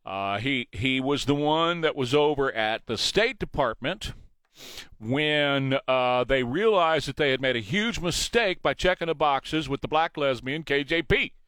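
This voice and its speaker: A man's voice: medium pitch, lively intonation, unhurried, fairly bright tone, smooth, no echo. A man hosting a morning talk radio show, opinionated and mocking.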